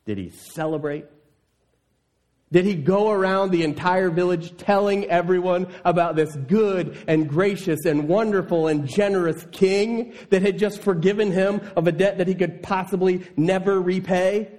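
A man delivers a sermon in a slightly higher-pitched voice. He reads scripture between lively retellings and rises sharply when he voices outrage. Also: normal speed. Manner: animated, voices indignant listeners with rising pitch. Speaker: pastor.

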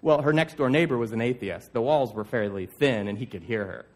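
A man's voice: medium pitch, a little fast, a little mellow. A man preaching a sermon, telling stories and acting out voices in an earnest, encouraging way. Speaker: pastor.

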